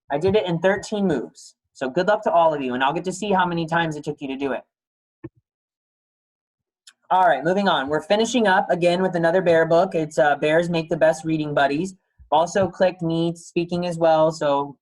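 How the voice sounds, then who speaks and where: A man's voice: on the high side, a little fast, a little mellow, poor audio. A male teacher giving a casual, chatty read-aloud and lesson for young kids, talking to them directly.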